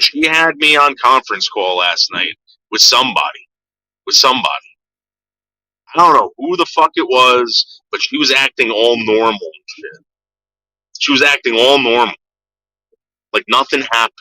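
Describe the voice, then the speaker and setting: A man's voice: mid-range voice, pushed and bright, no room sound, low-quality recording. A man ranting on a livestream, swearing heavily and repeating himself as he gets worked up. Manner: profane, agitated, repeats himself. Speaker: livestream host.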